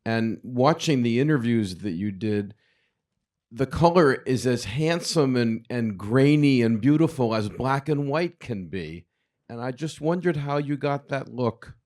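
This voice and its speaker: A man's voice: medium pitch, animated, unhurried, darkish tone. Man asking a curious audience question. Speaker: audience member.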